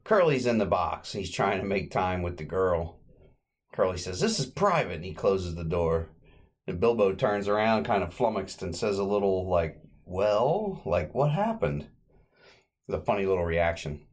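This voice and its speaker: A man with a slightly low voice hosts a casual podcast. He walks through an old comedy short in a relaxed, rambling way, dropping fillers as he goes. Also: normal speed. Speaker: podcast host.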